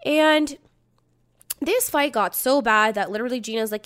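A woman's voice: on the high side, a little fast. A woman of thirty, a podcast host telling a story in casual chat, swearing freely and acting out the voices of the people she quotes. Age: 30s. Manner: profane, animated, acts out quotes.

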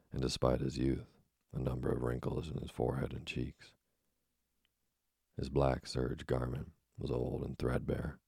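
A man calmly reading a classic novel aloud as a sleep story narrator, in a steady, even manner. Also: extremely low pitch, creaky, slightly rough, no echo, studio quality. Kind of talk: slow bedtime story reading.

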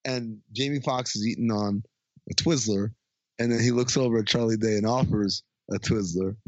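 On a dry, slightly dull recording without room sound, a man with a lowish voice recaps a comedy film at a moderate pace. He chats casually and animatedly, bouncing into exaggerated character voices and laughing often.

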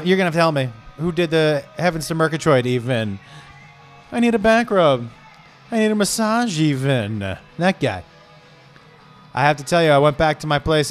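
A man with a fairly high voice tells a rambling comic story. He is animated and keeps breaking off into tangents and impressions. Soft music plays underneath. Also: clear, resonant tone. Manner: animated, jumping into digressions and voices.

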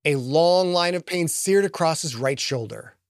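A man narrating an action audiobook in an expressive storytelling manner. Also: fairly high pitch, unhurried, dry recording, studio quality.

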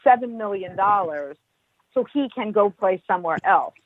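A middle-aged woman, a former football team executive, speaking as a podcast guest in a measured, emphatic way with precise wording. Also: medium pitch, lively intonation, dry recording. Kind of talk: podcast conversation. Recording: tinny phone-like line.

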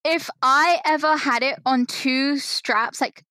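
A woman's voice: sits high, slow, bright, forceful tone, dry recording. A young British woman with a British accent, chatting casually as a podcast guest and laughing often. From United Kingdom. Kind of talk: casual chat.

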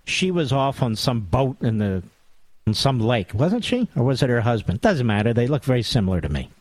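A man's voice: medium pitch, big pitch swings, brisk, no room sound. A man hosting a talk radio monologue, sarcastic and mocking, with big theatrical swings in tone.

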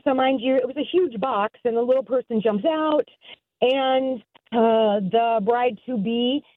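A woman's voice: on the high side, measured pace, no echo. Woman caller on a tinny phone line. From Tennessee. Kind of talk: casual storytelling.

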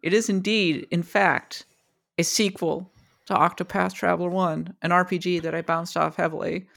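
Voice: mid-range voice, fairly even intonation, moderate pace, vocal fry, fairly bright tone. Wry, laid-back podcast guest. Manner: wry, laughs along, dry jokes. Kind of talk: casual podcast chat.

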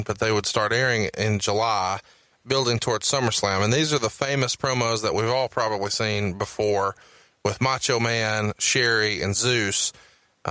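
A man's voice: on the low side, sharp tone, dry recording. A man with an Alabama accent hosting a podcast interview, methodically reading out dates and asking questions. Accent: Southern US, Alabama. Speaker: podcast host. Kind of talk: interview with research recap.

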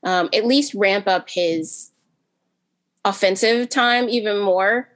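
A woman on a podcast panel in casual chat, talking in quick bursts with frequent restarts and fillers. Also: mid-range voice, fairly bright tone. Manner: talks fast in bursts with many restarts and fillers.

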